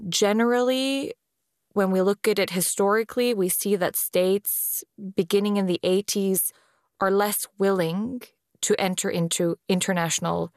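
A woman speaking as a space law official in an interview, explaining in a deliberate way with pauses between phrases. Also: mid-range voice, fairly even intonation, darkish tone, no room sound, clean studio sound. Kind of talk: measured explanatory interview talk. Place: based in Vienna.

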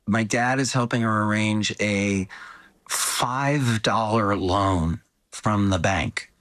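A man's voice: fairly low pitch, fairly bright tone. An older man telling family stories in a reflective, rambling way, full of asides and restarts. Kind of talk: reflective conversational storytelling.

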